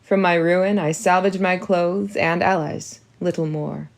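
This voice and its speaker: A woman reading an audiobook, voicing a smooth-talking middle-aged father in a soothing, gently teasing manner. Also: fairly low pitch, fairly even intonation, unhurried. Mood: grave.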